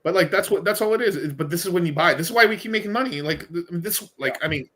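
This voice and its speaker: A man hosting a casual crypto podcast, talking in an animated, slangy way. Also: high-pitched, quick pace. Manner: animated, slangy, laughing often. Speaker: podcast host.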